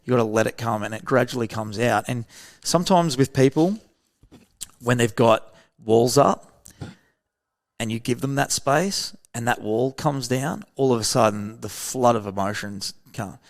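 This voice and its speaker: A man's voice: mid-range voice, moderate pace. An Australian man, a guest on a podcast, talking earnestly and acting out short exchanges of dialogue. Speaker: podcast guest, veteran program founder. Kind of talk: casual interview talk.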